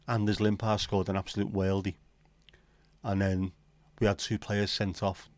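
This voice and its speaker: A man's voice: fairly low pitch, little pitch movement, moderate pace, no echo. A man hosting a casual livestream, rambling and joking with viewers and swearing casually. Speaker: livestream host. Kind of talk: casual chat reading viewer comments.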